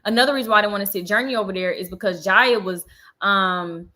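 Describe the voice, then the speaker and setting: A young woman tells a story straight to a phone camera on a live chat. Her voice is bright and forward, and she jumps into little acted-out quotes, slipping in plenty of fillers along the way. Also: medium pitch, fast. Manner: animated storytelling, acting out quotes, frequent fillers.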